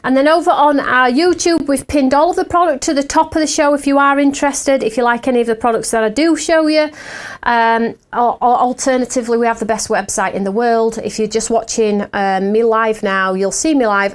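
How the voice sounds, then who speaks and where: A woman's voice: on the high side, fairly quick. A woman hosting a live craft shopping show, chatting casually with viewers and giggling at herself often.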